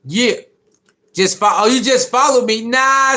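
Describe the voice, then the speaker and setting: A man with a high-set voice chats casually on a live stream. His talk is loose and slangy. He greets viewers by name and repeats his points. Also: animated, a little slow, pushed and bright.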